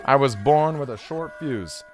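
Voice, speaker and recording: A hot-headed male mole with a put-on New York accent lectures in sarcastic tough-guy slang, voiced by a man. His pitch jumps and swings as he scolds. Faint game music plays underneath. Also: animated, a little slow, close to an everyday voice. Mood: scolding lecture. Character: gruff grumpy male mole, short-tempered lecturer.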